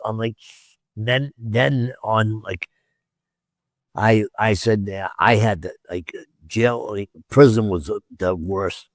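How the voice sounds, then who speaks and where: A man's voice: medium pitch, slow, creaky, no echo, clean studio sound. A man, a podcast guest, telling a rambling story in casual talk, stammering and repeating himself, acting out the quoted dialogue and swearing often.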